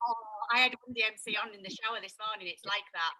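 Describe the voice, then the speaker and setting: A woman's voice: medium pitch, fast, sharp tone, slight background noise, rough recording. A young woman hosting a casual live stream over a video call, bubbly, giggly and self-deprecating.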